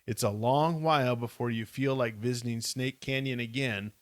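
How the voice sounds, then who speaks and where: Guy reading a kids adventure book on a podcast, steady and wry, medium voice, dry close mic. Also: mid-range voice, moderate pace, no room sound. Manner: steady reader, wry comments. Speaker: podcast co-host. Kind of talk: casual live book reading.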